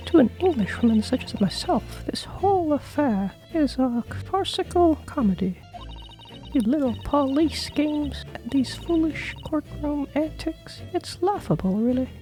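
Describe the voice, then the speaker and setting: A woman's voice: high voice, expressive, unhurried, warm tone, soft background music, pitched above the performer's own voice, poor audio. A woman voicing a haughty, scornful English noblewoman in a fan voice-over of a video game, talking down to everyone with sneering condescension.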